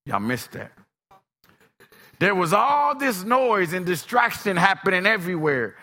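Preacher guy, slightly high voice, big swings, shouts then whispers. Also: very animated, unhurried, big-room sound. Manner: dramatic storytelling, shifts from shouting to whispering. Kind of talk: sermon.

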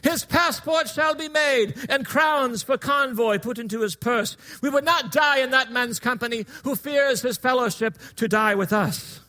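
A man reciting Shakespeare as a warrior king rallying his troops, declamatory and building to shouts. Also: extremely high pitch, measured pace, few pauses, faint music behind, exaggerated voice. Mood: rousing. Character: rousing warrior king, English, addressing troops.

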